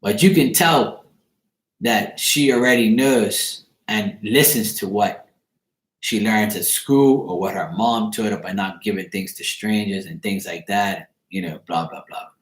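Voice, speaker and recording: A man hosting a chat show, telling a story casually in an animated way, laughing and swearing freely. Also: lowish voice, a little slow, echoey room.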